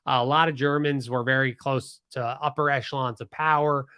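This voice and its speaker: A Pennsylvania man hosts a podcast and tells a history story casually and animatedly, with many restarts and asides. His smooth, mid-range voice is sharp and steady at a normal speed. The studio recording is clean, with no room sound.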